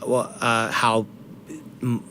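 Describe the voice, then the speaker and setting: A man's voice: medium pitch, level tone, slow, bright, forceful tone, slight background noise. A man co-hosting a casual podcast chat, listening with short sympathetic replies and careful questions. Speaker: podcast co-host.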